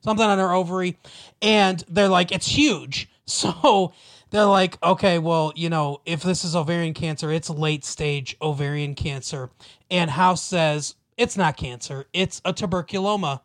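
A man's voice: a little high, steady tone, a little slow, fairly bright tone. A man in casual chat, recapping a story with lots of restarts and acted-out quotes. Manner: rambling, many restarts, acts out quoted lines, laughs often. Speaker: podcast co-host recapping a TV episode.

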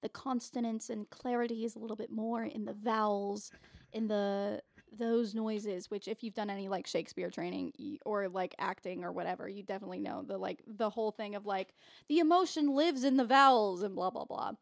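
Chatty soprano co-host, explanatory, dry close sound. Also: female voice, mid-range voice, steady tone, fairly quick, gravelly, a little mellow, no room sound. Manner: explanatory, trained-voice teacher tone. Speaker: podcast co-host. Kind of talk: casual chat.

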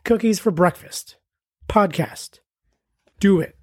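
Husky man in his forties, self-mocking ad read. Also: high voice, takes it slowly, no room sound, clean studio sound. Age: 40s. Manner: self-mocking, rambling asides. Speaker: comedy podcast promo reader. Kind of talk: jokey scripted ad read.

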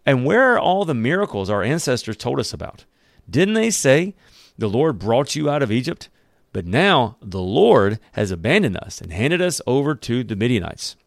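A man's voice: medium pitch, big pitch swings, normal speed, creaky, no room sound, clean studio sound. A man reading aloud as a doubting, frightened farmer. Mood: incredulous. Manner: pleading, incredulous.

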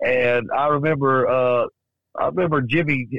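A man's voice: mid-range voice, steady tone, moderate pace, no room sound, dull audio. A middle-aged man chatting casually as a guest, telling stories in a laid-back, joking way and laughing often. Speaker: guest musician. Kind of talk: casual chat.

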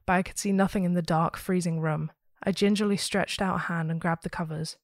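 A woman hosting a story podcast, reading a listener's ghost story aloud with steady, expressive storytelling. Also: on the low side, fairly quick, hardly any pauses, dry recording, studio quality.

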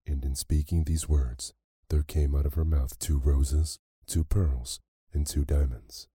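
A man narrating a classic fairy tale as a slow, soothing bedtime story. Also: extremely low pitch, steady tone, breathy edge, dry recording, clean studio sound. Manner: slow, soft, soothing reading.

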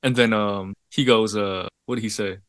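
A man's voice: lowish voice, fairly even intonation, normal speed, fairly bright tone, no echo, studio quality. A young man co-hosting a casual podcast, telling an anecdote in a laid-back, profane way and laughing often. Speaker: podcast co-host. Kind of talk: casual chat.

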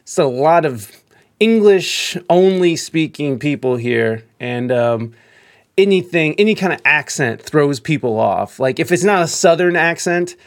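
A man hosting a podcast in a quick, chatty way, full of fillers and restarts. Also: fairly high pitch, animated. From Ohio, United States. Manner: fast-talking, friendly, lots of fillers. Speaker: podcast host. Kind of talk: casual interview chat.

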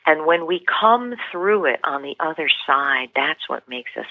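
Deep-voiced and animated yet unhurried, a woman tells a story as a guest on a podcast. She is an author and leadership coach who speaks with earnest emotion and often restarts sentences, heard on a dry, tinny phone line without echo.

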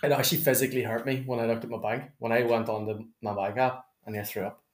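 A man's voice: mid-range voice, steady tone, fast talker, reverberant. A young man, chatting casually as a podcast co-host in a blunt, sweary way. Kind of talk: casual chat.

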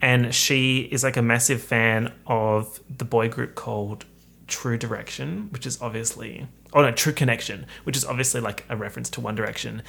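Young male podcast host, campy and chatty, animated solo chat. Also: mid-range voice, moderate pace, gravelly.

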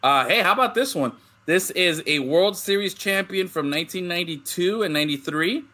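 A man hosting a casual podcast chat, opening baseball cards and telling animated stories, often saying "bro". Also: sits high, brisk. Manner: animated storyteller, says "bro". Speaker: podcast host.

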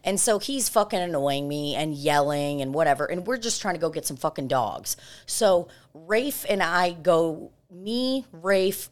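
A woman hosting a podcast, telling a story in a casual, animated and very profane way. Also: deep voice. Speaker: podcast host.

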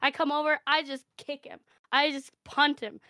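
A woman telling an improvised comic story with brash, deadpan delivery and free swearing. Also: high voice, normal speed, no echo, studio quality. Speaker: panelist.

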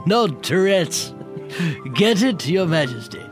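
A man's voice: high voice, sing-song, takes it slowly, heavily acted. A man playing a quirky Australian speech therapist in a comedy movie-trailer parody, dry and pleased with his own puns. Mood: wry. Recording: loud music under the voice.

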